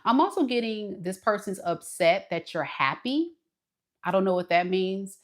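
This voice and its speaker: A woman giving a casual tarot reading straight to the viewer, expressive and dramatic as she acts out what the other person thinks. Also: mid-range voice, moderate pace. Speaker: tarot reader.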